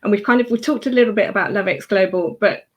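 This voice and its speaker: A woman's voice: medium pitch, fast, slight background noise. A woman podcast host asking questions and giving enthusiastic replies to her guest. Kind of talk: interview questions.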